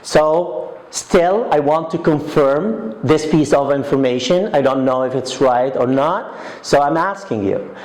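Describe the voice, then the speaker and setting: A man teaching an English grammar lesson, explaining slowly and repeating his example sentences. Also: on the high side, a little mellow. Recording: echoey room.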